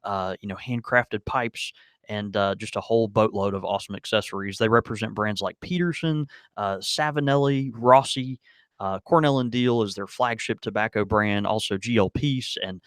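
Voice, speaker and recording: A man's voice: on the low side, normal speed, a bit bright, dry recording, studio quality. A man co-hosting a podcast in an easygoing, enthusiastic way, with hesitant uhs. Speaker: podcast co-host. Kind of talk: casual chat.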